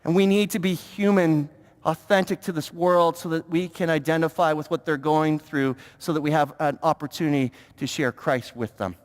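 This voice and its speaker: A man preaching a sermon as pastor, talking in an animated way with stammering restarts and repeated words. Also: fairly high pitch, moderate pace. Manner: animated, stammering repetitions, mock-pious impressions. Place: church sanctuary. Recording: long reverb of a church hall.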